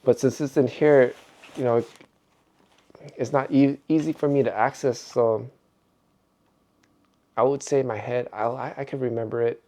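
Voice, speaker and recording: Mellow-voiced middle-aged man musing aloud. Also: medium pitch, fairly even intonation, moderate pace, pauses often. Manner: rambling, reflective, chuckles often. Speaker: vlogger. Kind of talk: casual vlog monologue.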